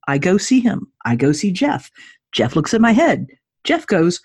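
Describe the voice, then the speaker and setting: A woman's voice: unhurried, slightly rough. A woman in her forties, a podcast guest, telling a personal story with jokes and acted-out dialogue. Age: 40s. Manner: jokey, acts out dialogue with lively pitch jumps.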